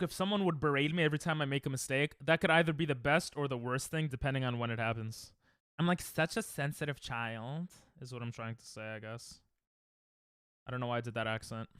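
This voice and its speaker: Young male streamer, rambling and self-mocking, bright tone with a dry close sound. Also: a little high, smooth, no room sound. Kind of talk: casual live-stream chat while gaming.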